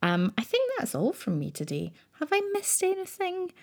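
A woman's voice: high voice, huge pitch swings, normal speed, darkish tone. A woman hosting a podcast, chatting casually and telling stories in a rambling way. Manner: chatty, rambling, fond storytelling. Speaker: podcast host. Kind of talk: casual chat.

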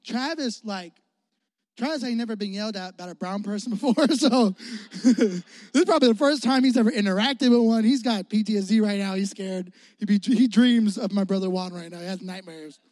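High-voiced, animated young preacher. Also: male voice, fairly quick, no echo, studio quality. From Chicago area, United States. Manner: animated, joking, talks to the audience. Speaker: youth preacher. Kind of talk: storytelling sermon.

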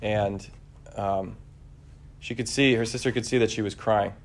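A man preaching a conversational homily, relaxed and searching, with frequent fillers and restarts. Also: on the low side, a little slow.

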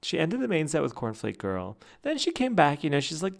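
Young male podcast host, gravelly hushed voice, excitable and joking, hotel room at night. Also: on the high side, a little fast, few pauses. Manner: whispering. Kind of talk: casual fan chat.

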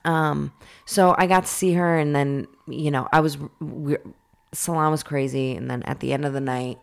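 A woman tells a story in casual chat with a low voice that drops into gravelly fry. She swears freely and stays animated, with her talk full of fillers. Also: moderate pace.

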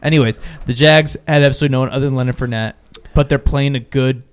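A man's voice: medium pitch, steady tone, fast, clear, resonant tone. A man co-hosting a podcast, bluntly calling each football matchup in casual banter. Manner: runs the matchup rundown, blunt and joking. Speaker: podcast co-host.

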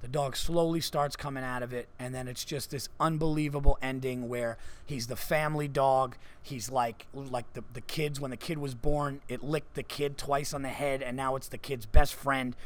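This podcast host, recording at a comedy club, chats casually through a lengthy story full of swearing and "like" fillers. He has a mid-range voice with fairly even intonation, speaking at normal speed with few pauses.

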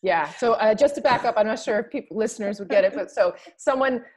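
A woman from Canada hosting a podcast, chatting in an animated, emphatic way and laughing often. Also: a little high, brisk. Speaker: podcast host. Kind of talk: casual conversation.

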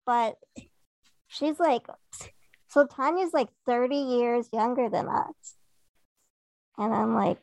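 A woman's voice: on the high side, slow pace, creaky, pauses often, darkish tone, no echo. A woman co-hosting a podcast in casual chat, telling rambling stories and acting out what others said. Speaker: podcast co-host.

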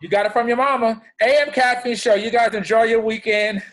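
A man's voice: very high-pitched, steady tone, fairly quick, a bit bright. A man hosting a radio talk show, reacting with jokes and playful banter. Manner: reactive, joking, playful sign-off.

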